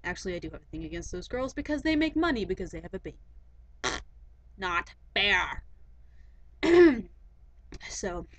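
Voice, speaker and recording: A woman's voice: mid-range voice, sing-song, normal speed, long pauses, poor audio. Chatty teenage girl ranting. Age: teens. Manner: chatty and rambling, full of fillers and asides. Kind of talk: casual webcam rant.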